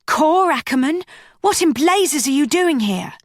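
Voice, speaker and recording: A woman voicing a bold, quick-tempered young woman who speaks sharply and defiantly in an audiobook. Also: sits high, animated, no room sound, studio quality, pitched above the performer's own voice. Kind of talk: audiobook character voice.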